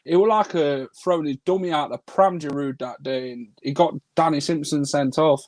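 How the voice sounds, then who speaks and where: A passionate male football fan talks in a fairly high voice. He urges the team on and tells stories from past matches. The recording is dry and close. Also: moderate pace, darkish tone, no room sound, rough recording. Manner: passionate, urging, storytelling. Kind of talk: casual live watchalong chat.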